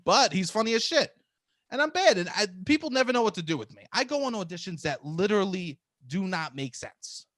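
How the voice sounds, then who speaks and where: A man co-hosting a podcast, telling profane, animated stories about auditions and laughing often. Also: sits high, a little fast, dry recording, clean studio sound. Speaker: podcast co-host, comedian. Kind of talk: casual storytelling chat.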